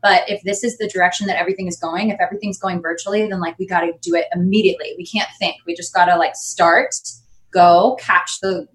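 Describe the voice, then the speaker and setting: A woman's voice: lowish voice, steady tone, quick pace, poor audio. A woman guest in a casual interview, enthusiastic and talking in long run-on sentences. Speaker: guest, Las Vegas performer.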